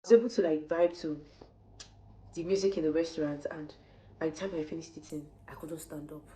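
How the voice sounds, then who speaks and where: A young woman with a Nigerian accent, heavily pregnant, casually retelling her day to camera in an animated way. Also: low-pitched, fairly quick. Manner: lively, animated retelling of conversations. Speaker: vlogger.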